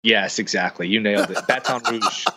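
A man giving sports betting picks as a guest, quick and matter-of-fact. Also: fairly low pitch, sharp tone, a little hiss or hum. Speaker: guest sports bettor, show host elsewhere.

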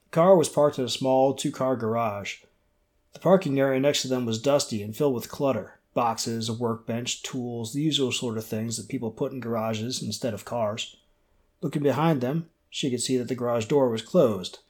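A male audiobook narrator reading a novel in a steady, measured voice. His pitch sits at an ordinary middle for a man, and his delivery stays even and unhurried. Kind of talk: scripted narration.

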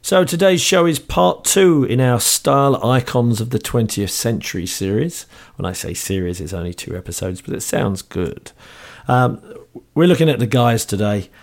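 A man with a New Zealand accent hosting a podcast in casual chat, slightly hoarse, upbeat and chatty with a lot of ums and uhs. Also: medium pitch, animated, normal speed. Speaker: podcast host.

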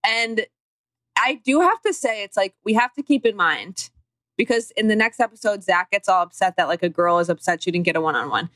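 A woman's voice: mid-range voice, animated, a little fast, fairly bright tone, no room sound. Sarcastic young woman co-host. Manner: sarcastic, rambling, heavy use of "like". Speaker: podcast co-host. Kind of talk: casual chat.

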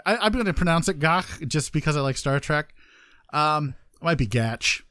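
A man's voice: fairly high pitch, a little fast, fairly bright tone, smooth, no echo. Joking podcast host man, dry sound. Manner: joking, trails off into asides. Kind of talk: casual gaming news chat.

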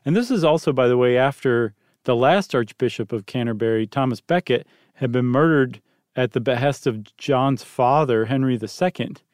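A man's voice: mid-range voice, moderate pace, darkish tone, no room sound. A man co-hosting a podcast, talking casually through history with many ums and dry jokes. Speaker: podcast co-host.

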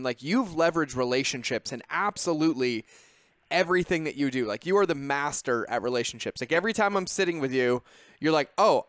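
A man's voice: fairly high pitch, a bit bright, dry recording, clean studio sound. A man hosting a podcast, enthusiastic and admiring as he talks with his guest. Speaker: podcast host. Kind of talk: casual interview chat.

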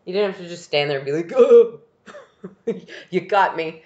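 A woman co-hosting a casual podcast chat, giggly and animated, acting out lines from a TV episode. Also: fairly low pitch, fairly quick, dull audio. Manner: giggly, animated, acts out quotes in voices. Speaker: podcast co-host.

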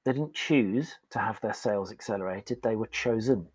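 A man's voice: on the low side, moderate pace, a little hiss or hum, rough recording. A man telling a candid, self-deprecating story as a guest in a casual podcast interview. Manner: candid and self-deprecating, acts out quoted voices.

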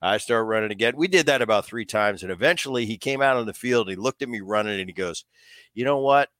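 A man's voice: fairly low pitch, fast, dry recording. Middle-aged guy spinning old stories on a podcast, acts out the voices, dead dry close mic. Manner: animated storyteller acting out quoted dialogue. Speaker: podcast co-host, former ballplayer. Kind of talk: casual storytelling chat.

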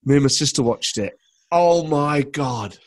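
A man's voice: mid-range voice, expressive, a little slow. A man, a stand-up comedian guest on a podcast, chatting casually and laughing often as he tells enthusiastic stories.

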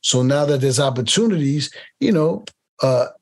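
A man speaks in a relaxed interview about his work as a casting director. His voice sits at an ordinary middle pitch, and he rambles, circling back and repeating words as he finds his point. Now and then he mimics other people's accents to tell a story. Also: normal speed. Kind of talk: casual interview conversation.

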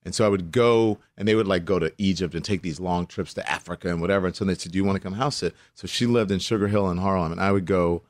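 Low-voiced Louisiana man telling stories. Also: fast, few pauses, no echo, studio quality. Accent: Louisiana Southern, mild. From Louisiana, USA. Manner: animated storyteller, acts out quoted voices. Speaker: guest. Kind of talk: casual interview chat.

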